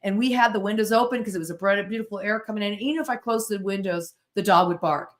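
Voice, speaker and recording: A middle-aged woman from the United States, a podcast guest telling stories in an animated, self-interrupting way. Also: medium pitch, quick pace. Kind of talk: casual storytelling interview.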